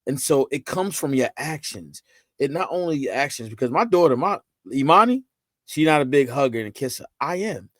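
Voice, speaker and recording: A man speaking chats as a podcast guest. He tells stories with energy and jumps his voice up when he quotes family and friends. The sound is close and dry, with no room echo. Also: normal speed. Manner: animated storyteller, acts out quotes with rising pitch. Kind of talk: casual podcast conversation.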